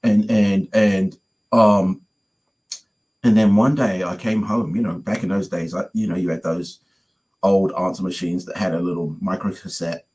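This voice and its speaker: A man's voice: deep voice, normal speed, poor audio. A man from London with a London accent, telling a story in a casual conversation and acting out the voices of the people in it. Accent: London English. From London, England. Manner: animated storyteller, acts out quoted voices. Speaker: guest musician.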